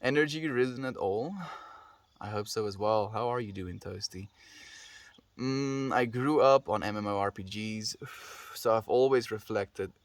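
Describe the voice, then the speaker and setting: A South African man chatting casually on a live stream, gently thanking viewers and answering their messages. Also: fairly low pitch, a little slow. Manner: gentle, affectionate, reads out and answers chat messages. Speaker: livestreamer.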